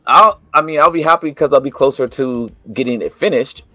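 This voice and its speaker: A man's voice: mid-range voice, brisk, sharp tone, no echo, faint music behind. A man co-hosting a casual toy talk show, laid-back and a bit hesitant, often restarting his sentences. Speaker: co-host of a toy news show. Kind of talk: casual chat.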